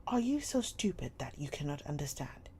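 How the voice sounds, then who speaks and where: A woman voicing a cold, domineering schoolmistress who scolds in a sharp, stern tone, with a faint hum behind. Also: low-pitched, sing-song, normal speed.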